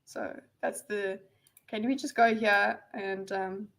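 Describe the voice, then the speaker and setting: A woman's voice: mid-range voice, flat delivery, slow pace, creaky, a bit bright. A woman hosting a casual livestream, rambling and reading viewers' messages aloud with lots of fillers and restarts. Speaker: livestream host.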